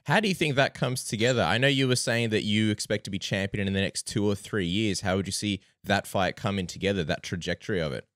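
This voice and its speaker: A man's voice: on the low side, a bit bright, no echo, clean studio sound. A man hosting an interview podcast, asking long questions full of fillers. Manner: quick with many fillers. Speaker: podcast host.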